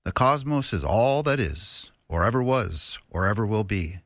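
A man doing an impression of a famous astronomer, reading lines in a slow, reverent way. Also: lowish voice, animated, a bit bright, no room sound, studio quality. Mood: awed. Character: famed male astronomer, awed and solemn.

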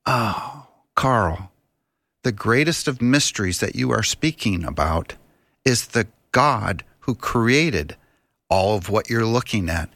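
Earnest low-voiced man, radio guest. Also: measured pace, vocal fry, dry recording, studio quality. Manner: earnest, preachy, animated. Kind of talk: talk radio conversation. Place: radio studio.

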